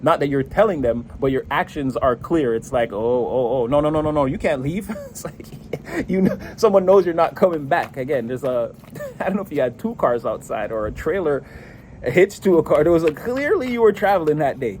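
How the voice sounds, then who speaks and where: A man's voice: fairly high pitch, sing-song, normal speed, a little mellow, slight background noise, rough recording. A man giving a casual tarot reading, chatty, laughing often and swearing now and then. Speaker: tarot reader.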